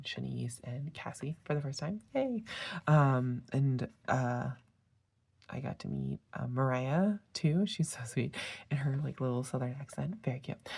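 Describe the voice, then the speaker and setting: A tired woman talks casually and rambles off on tangents. Her voice sits very low and grates with heavy fry. The tone is husky and dark. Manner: chatty, rambling with tangents and fillers. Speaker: planner sticker vlogger. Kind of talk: casual chat.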